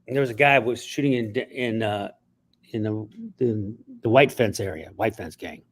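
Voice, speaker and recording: A male writer and actor telling stories in an interview, animated and acting out bits along the way. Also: on the low side, moderate pace. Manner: animated, acts out voices, frequent restarts. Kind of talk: interview storytelling.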